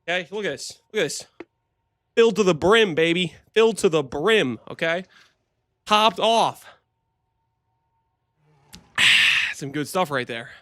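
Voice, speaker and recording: Young male streamer host, high bright voice, playful and teasing, dry close sound. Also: lively intonation, moderate pace, dry recording. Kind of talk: casual stream chat.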